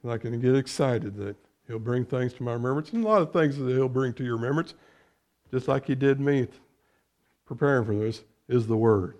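A middle-aged man preaching as a pastor, lifting his voice loud on scripture and dropping to quiet, conversational asides. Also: mid-range voice, a little fast. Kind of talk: sermon.

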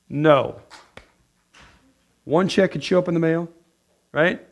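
High-voiced chatty male preacher. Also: lively intonation, a little slow, gravelly, long pauses. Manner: chatty, asks the room "right?", laughs at own jokes. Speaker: pastor. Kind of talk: conversational sermon.

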